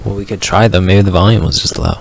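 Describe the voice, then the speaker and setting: A man's voice: low voice, steady tone, quick pace, vocal fry. A male podcast co-host in casual chat, cutting in with wry, teasing remarks, on a slightly noisy home recording.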